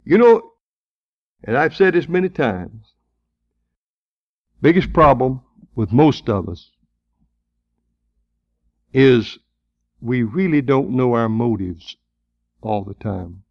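A man preaching in a folksy, chatty way, his pitch swinging high and low as he asks question after question. The sound is dull and muffled, with a dry, close feel. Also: expressive, slow pace, gravelly, pauses often, no echo. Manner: folksy, chuckling, rhetorical questions. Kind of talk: sermon.

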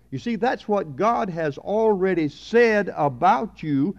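A man preaching a sermon at a church service, emphatic, swelling louder on key words. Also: high-pitched, very animated, unhurried, vocal fry, few pauses. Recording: dull lo-fi sermon recording.

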